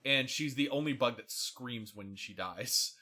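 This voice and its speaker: A young man co-hosting a podcast in casual chat, relaxed as he explains details and laughs easily. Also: medium pitch, unhurried. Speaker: podcast co-host.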